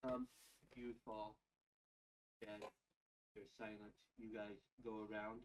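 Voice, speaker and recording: A man narrating as game master of a tabletop game, halting with many fillers. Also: lowish voice, flat delivery, far from the mic, noisy background.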